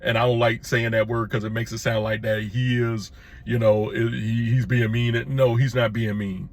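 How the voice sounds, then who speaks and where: A middle-aged man giving an opinion commentary to his viewers, plain-spoken and emphatic, repeating his points and pushing his pitch up when he presses one. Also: little pitch movement, normal speed. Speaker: commentary vlogger.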